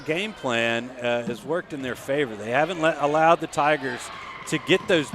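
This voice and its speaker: A man giving color commentary on a high school basketball game, calmly explaining the defenses. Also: normal speed. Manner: analytical, explains defensive schemes. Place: school gym broadcast booth. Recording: noisy gym ambience behind.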